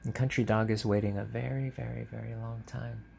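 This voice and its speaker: A man, a teacher, reading a picture book aloud to children at home on camera, in a gentle, chatty way, stopping to point out the pictures. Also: mid-range voice, fairly even intonation, a little fast, creaky, slight background noise.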